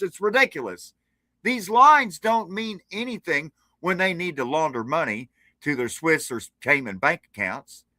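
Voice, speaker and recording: A man's voice: a little high, sharp tone, no echo. A man, a podcast guest talking casually in an impassioned, sardonic rant over a remote call. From Appalachia. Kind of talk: casual conversation. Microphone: remote streaming call.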